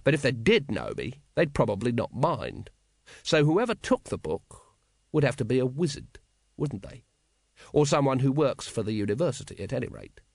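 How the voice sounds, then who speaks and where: A man voicing a weary, dogged male watch captain with flat, wooden official replies in an audiobook. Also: medium pitch, normal speed, gravelly, no echo, studio quality. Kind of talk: audiobook character voice.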